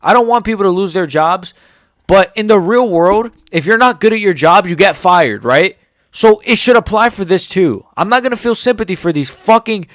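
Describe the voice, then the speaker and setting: A man's voice: high voice, animated, normal speed, dry recording, clean studio sound. A man in his forties giving a heated, sarcastic reaction rant full of swearing. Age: 40s. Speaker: MMA commentator.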